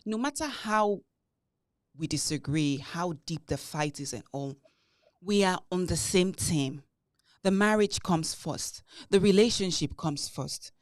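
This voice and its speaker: A woman co-hosting a podcast in casual chat, animated and telling stories with heavy emphasis. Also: on the low side, unhurried, dry recording. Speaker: podcast co-host.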